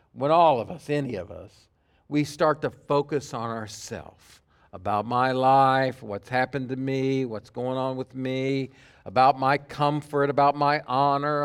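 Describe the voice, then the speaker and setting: Slow-preaching male pastor. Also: medium pitch, clean tone. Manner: emphatic preaching, slow and earnest. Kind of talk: sermon.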